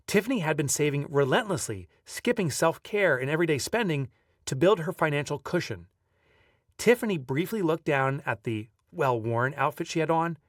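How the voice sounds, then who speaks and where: Man narrating his audiobook, fairly high voice, dry sound, set back from the mic, chatty asides. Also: no echo, distant mic. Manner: lively storyteller who breaks off to chat offhand. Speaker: author reading his own audiobook. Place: video recording setup.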